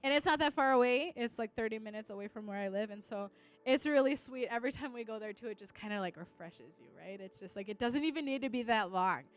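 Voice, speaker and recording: A woman's voice: fairly high pitch, fast talker. A young woman, a teacher, tells a church gathering about her students in a casual, chatty way. She leans on "like" and slips in Spanish words. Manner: chatty, full of "like" fillers, drops in Spanish words. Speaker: teacher giving a testimony. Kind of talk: casual testimony to an audience.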